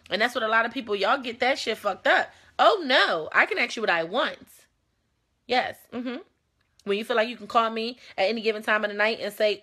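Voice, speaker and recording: A woman's voice: a little high, animated, fairly quick, sharp tone. A young woman hosting a casual talk show, talking bluntly and animatedly, with plenty of swearing and a confrontational edge.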